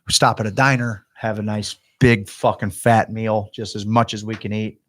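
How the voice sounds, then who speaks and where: A man's voice: fairly low pitch, level tone, moderate pace. A man on a podcast telling a long, emotional story, swearing heavily and acting out his own past thoughts. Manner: heavy swearing, emotional and rambling. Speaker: podcast guest.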